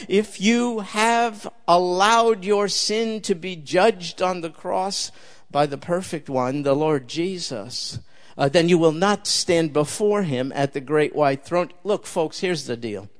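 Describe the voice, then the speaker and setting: An older man preaching a sermon, emphatic and conversational, often turning to the listeners with direct questions. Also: a little high.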